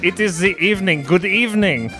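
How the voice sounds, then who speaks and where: A man's voice: high voice, lively intonation, brisk, pushed and bright, soft background music. A man putting on a pompous French protest official. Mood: haughty. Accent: put-on French. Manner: haughty, formal, protesting everything.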